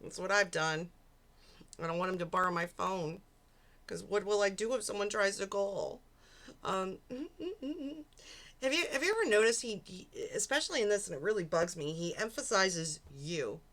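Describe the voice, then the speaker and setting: Streaming from home late at night, a woman talks over replayed audio of an argument, ridiculing it by laughing, cursing and mimicking the people in it. She speaks at a normal speed in a medium-pitched, expressive and slightly bright voice.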